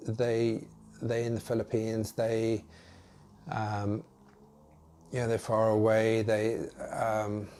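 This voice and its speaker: Halting British man telling a story. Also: on the low side, completely flat delivery, darkish tone, slight background noise. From United Kingdom. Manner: hesitant, halting, with many restarts. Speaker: vlogger. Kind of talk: casual storytelling to camera.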